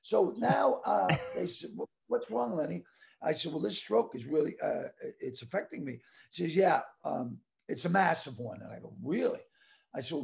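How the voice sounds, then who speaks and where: A man in his sixties telling a story loudly and crudely, with lots of animated outbursts. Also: fairly high pitch, creaky. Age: 60s. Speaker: guest comedian. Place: home.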